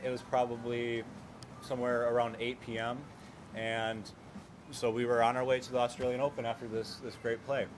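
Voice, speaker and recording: A young man telling a travel story at a hostel in a measured way, pausing on many "uh"s. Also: medium pitch, monotone. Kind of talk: casual storytelling. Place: hostel common area. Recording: noisy background.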